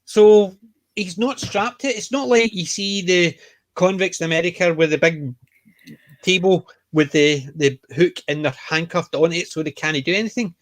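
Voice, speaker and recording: Scottish guy chatting on a podcast, kinda high voice, dry close sound. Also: normal speed, no echo. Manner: chatty, animated retellings of scenes. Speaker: podcast co-host. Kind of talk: casual chat.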